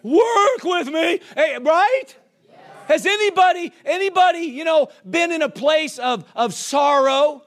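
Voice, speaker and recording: A pastor delivering a sermon to his congregation, repeating questions and calling out for people to answer. He is a man with a high-pitched voice that climbs as he presses his points. He acts out the voices of doubters and church members in quick asides. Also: expressive, a bit bright. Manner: call-and-response preaching, rhetorical questions, acts out quoted voices.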